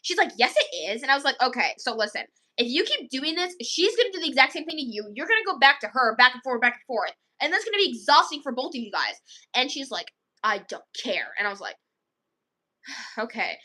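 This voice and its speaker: Chatting to camera, a young vlogger recounts a story in a high-pitched, sharp voice that swings widely in pitch and moves briskly. She peppers it with "like" and performs the kids' lines as she quotes them.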